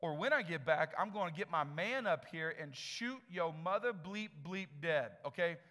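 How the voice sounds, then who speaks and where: A male pastor voicing a furious, rude woman who loudly threatens a ride worker, in a reverberant church hall. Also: on the low side, animated, normal speed. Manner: shouting threats, brash.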